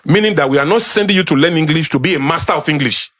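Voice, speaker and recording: Nigerian man, Yoruba accent, slightly raised pitch, emphatic and conversational delivery to a room. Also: fast talker, fairly bright tone. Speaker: speaker. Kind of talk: informal talk to a small group.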